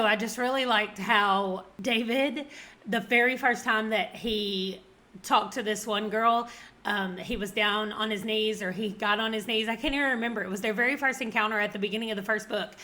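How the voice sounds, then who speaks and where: Her voice is fairly high and sharp in tone as this book vlogger, a woman in her forties from the Southern United States, talks casually about her reading. She has a Southern American accent and laughs often.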